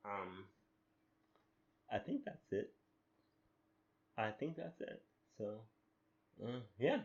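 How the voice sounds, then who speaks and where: A man's voice: lowish voice, sing-song, drawn-out words, long pauses, a little mellow, muffled recording. A man hosting a solo podcast, rambling and amused at himself in casual chat. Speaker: podcast host.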